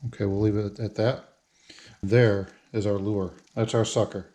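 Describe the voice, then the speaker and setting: A man's voice: on the low side, flat delivery, normal speed, dark tone. Man talking through a craft how-to. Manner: talks through each step as he works. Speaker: hobby lure painter. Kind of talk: casual how-to narration.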